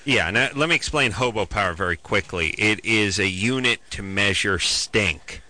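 A man hosting a call-in radio show, bantering and joking in an animated way. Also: lowish voice, moderate pace. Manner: animated, joking, loud bursts of mock outrage.

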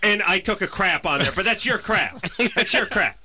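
A man's voice: high-pitched, normal speed, crowd noise. A man hosting a radio call-in show, joking crudely and telling stories with mock indignation. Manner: animated, mock-indignant storytelling. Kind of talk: crude comic radio banter.

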